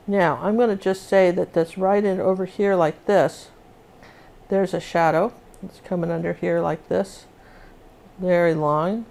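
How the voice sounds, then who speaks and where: An older woman teaching acrylic painting on a live show. Her voice sits a little low, and she chats along as she mixes colors, often stopping and restarting mid-sentence. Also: darkish tone. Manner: chatty, talks while working, restarts often. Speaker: painting instructor.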